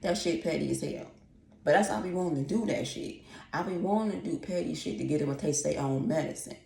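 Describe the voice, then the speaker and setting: Vlogger, woman, low gravelly voice, exasperated profane rambling rant, echoey room. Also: fast talker, warm tone, a little hiss or hum. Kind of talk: casual ranting vlog. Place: apartment at home.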